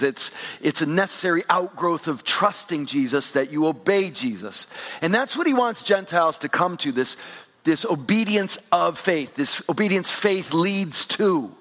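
High-voiced pastor preaching in a reverberant hall. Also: male voice, fairly bright tone. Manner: engaging, questions the congregation directly. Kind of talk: sermon. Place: church sanctuary with congregation. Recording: long reverb of a large hall.

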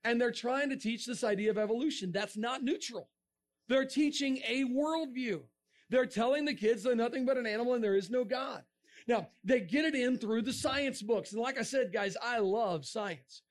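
Animated high-voiced man preaching. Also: moderate pace. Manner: animated, asks the crowd questions, jokes. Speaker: creationist speaker. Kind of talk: lively talk to a youth audience.

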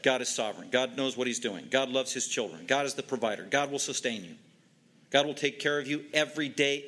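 A man's voice: medium pitch, a bit bright. A man preaching a sermon, emphatic and repetitive, driving home short commands. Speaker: pastor.

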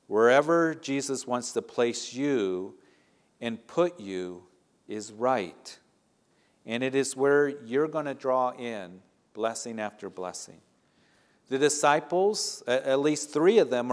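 Man preaching a conversational sermon. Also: medium pitch. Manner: conversational preaching, rising emphasis. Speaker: pastor.

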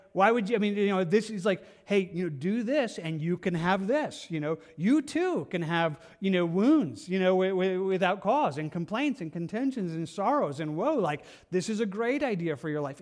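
A man's voice: high voice, very animated, normal speed, hardly any pauses, a little mellow. Earnest man preaching a sermon. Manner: earnest, repeats words and restarts often. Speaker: pastor.

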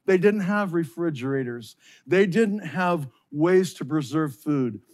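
Man, pastor, fervent sermon, slightly high voice, stresses key phrases. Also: lively intonation, a little mellow. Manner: impassioned preaching, slowing and stressing key phrases.

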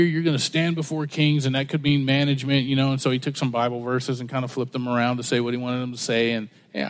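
A man preaching a conversational sermon, folksy and full of stories and rhetorical questions. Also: a little high. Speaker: pastor.

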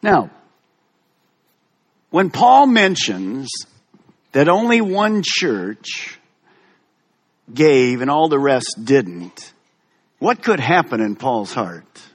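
A man pastor preaching a sermon in an animated, emphatic way. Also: medium pitch, extremely slow, pauses often, breathy edge.

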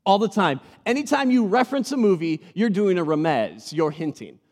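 A man delivers a sermon to his congregation in a lively, conversational way and has them repeat words back to him. His voice sits a little high for a man. The sound carries a long reverb, as in a large hall. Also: normal speed. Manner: animated preaching with call-and-response to the congregation. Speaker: pastor.

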